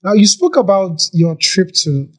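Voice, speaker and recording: A podcast host asking casual interview questions in a relaxed, chatty way, with restarts. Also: mid-range voice, normal speed.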